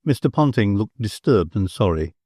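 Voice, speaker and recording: A man narrating an audiobook in a measured, expressive storytelling manner on a close mic. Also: on the low side, husky, no echo. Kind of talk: scripted narration.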